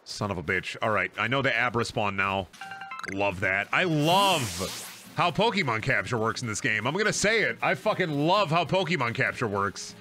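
A young man streaming a game, rambling through jokey, profane asides and breaking into sudden yelled outbursts. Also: medium pitch, lively intonation, normal speed, soft background music. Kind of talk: casual gameplay commentary.

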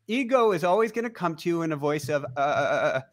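A man as a guest teacher explaining things in casual conversation, animated and laughing often. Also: high-pitched, fast talker.

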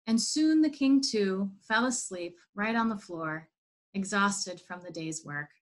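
A woman telling a parable in an online church service, in a measured, steady reading. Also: mid-range voice, poor audio. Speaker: worship leader.

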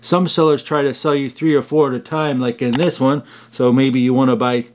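A man reviews fragrances in a chatty, conversational vlog and tells little stories along the way. His voice sits at an ordinary mid-range pitch for a man. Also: fairly even intonation, brisk, darkish tone. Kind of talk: casual product review vlog.

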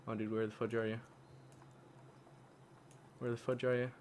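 A man casually commenting on his own online shooter match, excitable and trash-talking, dropping to mutters and jumping to yells. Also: medium pitch, moderate pace, slight background noise. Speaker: gaming YouTuber.

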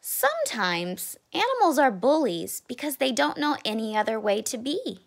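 A woman voicing a gentle, calm mother raccoon in a storybook, speaking in a soft, reassuring way. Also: fairly high pitch, moderate pace, gravelly.

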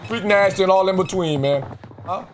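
High-pitched man trash-talking boisterously. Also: moderate pace. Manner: boisterous, taunting, swaggering slang. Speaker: streamer commentating his gameplay. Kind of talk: trash-talking gameplay commentary. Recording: gameplay audio with noise behind.

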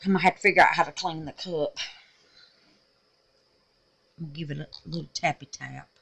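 A woman's voice: low voice, steady tone, fairly quick, vocal fry, a bit bright, slightly rough. A woman chatting through a soap-making vlog, gushing and exclaiming and calling her viewers honey and babies. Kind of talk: casual craft vlog chat.

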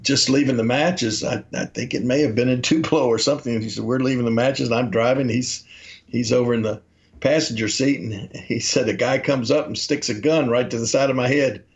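On dull lo-fi audio, a Memphis, Tennessee podcast co-host tells casual, rambling stories at a brisk pace, acting out the quotes. His voice is medium-pitched and steady.

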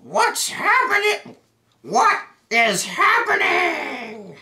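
A man doing a shrieking, gravelly witch. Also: very high-pitched, wildly swooping pitch, takes it slowly, pushed and bright, roomy sound, voice pushed up, exaggerated voice. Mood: panicked. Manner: screechy, overblown. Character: shrieking menacing female witch.

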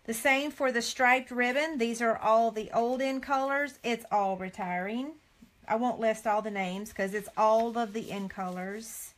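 A woman's voice: fairly high pitch, a little slow. A middle-aged woman, chatting live with viewers as a craft demonstrator and reading items off a catalog, with frequent dismayed sighs. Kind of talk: casual live chat with viewers.

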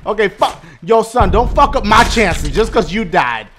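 A man giving loud, profane commentary while he plays a video game, often yelling at what happens on screen. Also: high-pitched, animated, normal speed, faint music behind. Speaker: gaming YouTuber. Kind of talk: gameplay commentary.

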